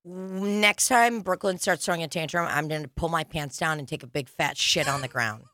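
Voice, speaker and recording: Young woman, crude and jokey, bright low-ish voice, dry close mic, rambling podcast co-host. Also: moderate pace, no echo. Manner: crude, joking, rambling with lots of fillers. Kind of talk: casual chat.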